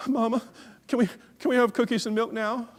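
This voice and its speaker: A man's voice: little pitch movement, a little fast. A man voicing a clingy, whining four-year-old boy. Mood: sorry. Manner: whining, high-pitched.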